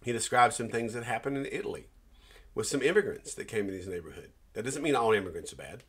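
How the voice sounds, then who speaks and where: A middle-aged man, a Christian minister, giving an earnest personal testimony, with pauses and restarts as he tells a story. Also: mid-range voice, expressive, fairly bright tone, breathy edge.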